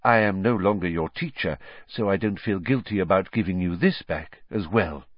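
A man's voice: deep voice, normal speed, no echo. Man reading a kind, tired wizard teacher. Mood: gentle. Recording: slightly dull lo-fi audio.

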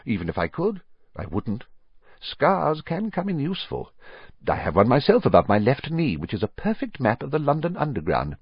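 A man reading aloud, voicing an old, calm, wise male wizard who talks gently and unhurriedly. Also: mid-range voice, normal speed, husky, no echo, voice pushed up, full character voice. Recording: slightly dull lo-fi audio.

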